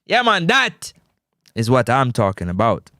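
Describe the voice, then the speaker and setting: A man with a Jamaican accent hosting a casual football talk stream, playful and full of shout-outs and "boop" sound effects. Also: medium pitch, huge pitch swings, unhurried, no room sound, studio quality. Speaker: sports talk show host. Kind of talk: casual livestream football commentary. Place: indoors in a building overlooking a stadium.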